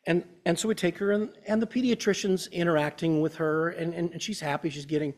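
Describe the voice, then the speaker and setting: Male pastor, fifties, preaching in a church with an earnest, chatty storytelling manner and a slightly higher voice. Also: fairly even intonation, brisk. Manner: earnest, conversational, personal storytelling. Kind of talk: sermon.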